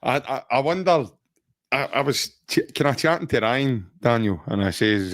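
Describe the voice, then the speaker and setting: A man's voice: medium pitch, lively intonation, moderate pace, a bit bright, no room sound, clean studio sound. A man with a Scottish accent hosting a casual podcast chat, chatty, laughing often and restarting his sentences. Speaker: podcast host.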